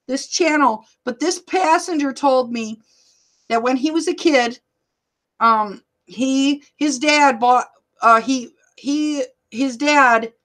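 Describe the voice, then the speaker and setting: A middle-aged woman hosting a casual livestream, loud and laughing often as she reads viewer comments. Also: high-pitched. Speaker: livestream host and rideshare driver.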